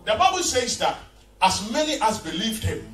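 A man's voice: high voice, wildly swooping pitch, moderate pace, fairly bright tone. A man preaching a sermon in a church, emphatic and leading his congregation in call and response. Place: large church hall. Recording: echoey church hall from a distance.

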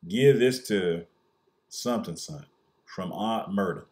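A menacing white Southern mob man speaks in a low, slow, threatening drawl, as a man acts him out. He sounds cold and sure of himself. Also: lively intonation, a little mellow.

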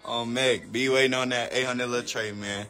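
A man's voice: medium pitch, fairly even intonation, normal speed, pushed and bright. A young man with a Chicago accent joining a livestream, talking in a laid-back, slangy, teasing way. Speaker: livestream guest. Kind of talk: casual livestream banter.

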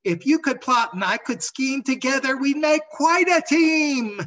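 Man doing a patchwork rag-doll girl, giddy, sing-song rhymes, high squealing voice, muffled recording. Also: a little slow, a bit bright. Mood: gleeful.

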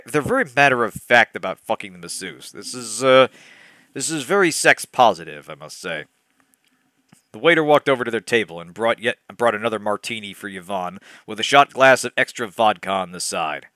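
A man's voice: medium pitch, sharp tone, no room sound. A man reading a badly written novel aloud as a let's play host, breaking off for sarcastic, laughing asides. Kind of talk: comedic dramatic reading with commentary.

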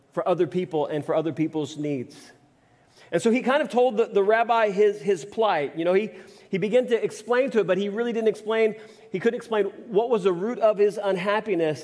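High-voiced pastor preaching in a reverberant hall. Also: male voice, a little mellow. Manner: storytelling with frequent word repeats and restarts. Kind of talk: sermon. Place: church sanctuary.

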